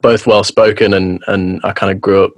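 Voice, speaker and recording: English guy in his thirties, lowish voice, earnest and rambling, dry close sound. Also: little pitch movement, moderate pace, dry recording. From England. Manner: earnest, rambling, self-deprecating. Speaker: guest musician. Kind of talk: casual podcast interview.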